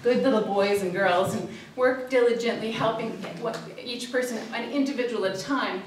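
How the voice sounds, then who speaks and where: A woman social worker with a slightly high voice gives a public talk with slides in a church hall, speaking at normal speed. She tells stories hesitantly with lots of fillers, acting out cries for help. She sounds distant in the big, echoey hall, with faint room noise behind her.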